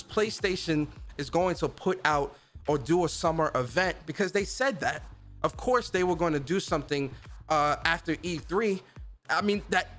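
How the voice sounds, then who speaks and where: A man's voice: sits high, fairly bright tone. A man hosting a podcast, ranting bluntly with profanity and stammering repeats. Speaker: podcast host. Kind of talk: casual ranting commentary.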